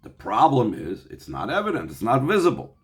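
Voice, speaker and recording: A man's voice: mid-range voice, wildly swooping pitch, fairly quick. A man teaching a text study class, reading Hebrew passages aloud and explaining them in English, often restarting and repeating words as he thinks. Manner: reads Hebrew lines then explains in English with Yiddish terms. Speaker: Torah teacher.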